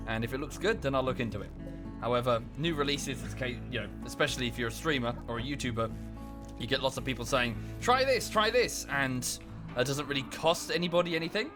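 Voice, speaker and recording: A man chatting casually while live-streaming a game at home, often thinking aloud and thanking viewers. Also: mid-range voice. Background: background music.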